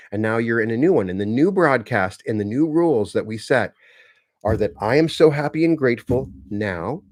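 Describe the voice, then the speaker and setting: A man giving an earnest motivational teaching talk, slow and emphatic, repeating key phrases for stress. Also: mid-range voice, no room sound, studio quality. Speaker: self-help teacher.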